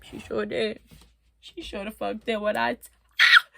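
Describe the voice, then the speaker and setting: A woman with a high, bright voice tells a long personal story straight to the camera. Her delivery is loose and animated, full of swearing and bursts of laughter. The sound is dry and close, with no room echo. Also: measured pace, gravelly, pauses often. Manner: animated, profane, laughing, emotional. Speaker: vlogger recounting her prison time. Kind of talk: casual storytelling.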